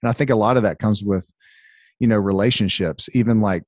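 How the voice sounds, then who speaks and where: A man's voice: lowish voice, a little fast, a little mellow. Southern US man, podcast guest, salon owner who speaks on stages; earnest, motivational, loose delivery. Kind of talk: casual podcast interview.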